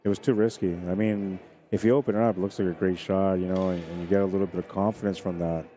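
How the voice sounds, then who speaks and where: A man's voice: deep voice, little pitch movement, fast, mellow, slight background noise. A man giving casual, chatty commentary on a pool stream, talking to viewers and laughing. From Spanish heritage.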